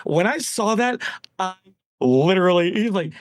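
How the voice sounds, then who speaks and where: Animated ranting man, dry close mic. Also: sits high, moderate pace, no room sound. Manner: animated, profane, mimics politicians. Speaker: podcast co-host. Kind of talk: casual political rant. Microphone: home microphone.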